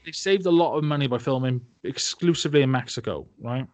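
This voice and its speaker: A man's voice: mid-range voice, quick pace, no room sound. A young man in a casual film-review chat, rambling and sarcastic, often laughing and putting on silly voices. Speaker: podcast host.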